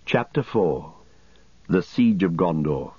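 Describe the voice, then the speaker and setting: A male narrator reading an audiobook in a low, husky voice at a steady, measured pace. The recording is dry and close, with a slightly dull sound. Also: no room sound. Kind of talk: scripted narration.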